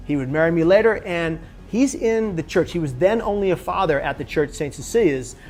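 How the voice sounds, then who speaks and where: A man with a slightly high voice tells a personal story straight to camera. He is animated and jumps into the voices of the people he quotes. Faint music plays underneath. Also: fairly quick. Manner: animated, acts out other people's lines in the story. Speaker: suicide prevention speaker.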